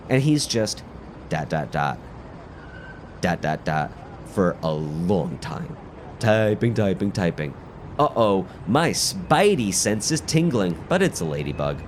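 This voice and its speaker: A man's voice: lowish voice, big pitch swings, slow pace, a little hiss or hum. A man telling an absurd comic story with a wildly swooping, exaggerated delivery.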